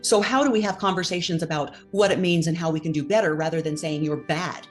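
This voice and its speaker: A mother talking as an interview guest, thoughtful and a bit hesitant, pausing on small fillers as she builds her point. Her voice sits lower than most women's, and faint music runs quietly behind her. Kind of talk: conversational interview.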